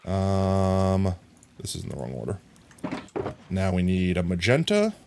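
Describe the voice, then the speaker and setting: Man streamer, deep-ish voice, chatty, playful asides, faint background hiss. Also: sing-song, unhurried, creaky. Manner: chatty, talks to chat, sings silly sound effects. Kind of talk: casual live game commentary.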